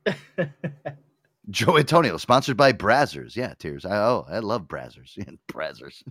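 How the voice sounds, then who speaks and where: Animated, profane male radio host. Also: fairly low pitch, a little slow, no room sound, studio quality. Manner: animated, profane, breaks into mimicking voices. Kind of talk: casual talk radio banter.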